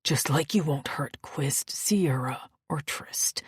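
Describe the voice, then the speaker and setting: A fierce, scarred alien warrior man, as a woman voices him with a low, gruff growl pushed well below her own pitch. He speaks through gritted teeth in a husky, breathy tone. It is a dry, close audiobook recording. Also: takes it slowly, dry recording, in a whisper, heavily acted. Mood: stern, growling. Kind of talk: audiobook character voice.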